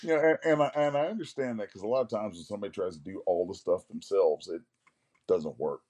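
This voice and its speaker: A low, dark-toned man with a husky edge tells casual, rambling stories as an interview guest. He is in his forties and often stops to clear his throat. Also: fast talker. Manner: rambling anecdotes, acts out others' lines. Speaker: guest comic artist.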